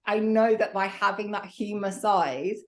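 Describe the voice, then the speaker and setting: A woman's voice: medium pitch, steady tone, unhurried. A young woman guesting on a podcast, chatting casually and acting out her own asides with self-mocking humour. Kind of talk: casual interview chat.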